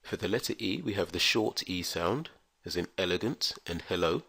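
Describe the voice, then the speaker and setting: A man teaching English pronunciation in a careful, scripted lesson, spelling out letters and sounds with slow, deliberate enunciation. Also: low voice, expressive, vocal fry, sharp tone, husky, no room sound.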